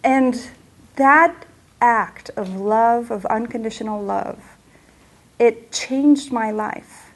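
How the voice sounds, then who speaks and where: A woman's voice: fairly high pitch, slow. Earnest woman coach giving a talk. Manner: earnest, personal storytelling. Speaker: emotional health coach. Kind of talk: presentation talk. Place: center for women presentation room.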